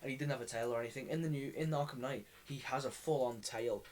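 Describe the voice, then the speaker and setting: Guy rambling on a podcast, mellow low-key tone, swears a lot. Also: quick pace, a little hiss or hum, rough recording. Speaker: podcast host. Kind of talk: casual chat.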